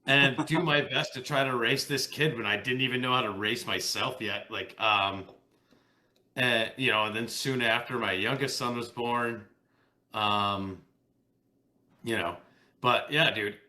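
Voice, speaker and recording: A man hosting a podcast, chatting in a relaxed, conversational way. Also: medium pitch, a little slow. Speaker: podcast host. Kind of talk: casual podcast chat.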